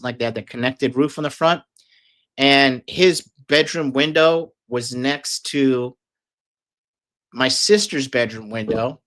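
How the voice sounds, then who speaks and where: A man's voice: fairly high pitch, fairly bright tone. A man telling a long, casual story, rambling and swearing heavily with lots of fillers. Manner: profane, rambling, filler-heavy.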